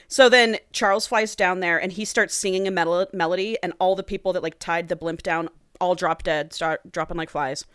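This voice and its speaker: A woman's voice: on the low side, steady tone, normal speed, few pauses, a bit bright, clear, resonant tone, no room sound, clean studio sound. A woman hosting a podcast, casually and animatedly retelling a book's plot and swearing freely. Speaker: podcast host. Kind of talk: casual book recap.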